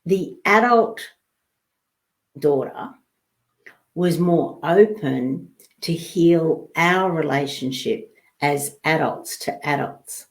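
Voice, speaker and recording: A woman's voice: deep voice, slow, long pauses. A woman hosting a live online talk, chatting loosely and reading out viewer comments, rambling with fillers and restarts. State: coughing and sneezing at times.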